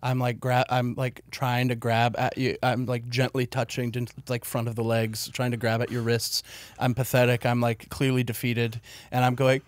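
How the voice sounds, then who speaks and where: A man of middle pitch is talking on a podcast in loose, comedic chat. He is animated and slips into exaggerated quoted voices. The sound is dry and close to the mic, with no room echo. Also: moderate pace. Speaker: podcast producer and guest.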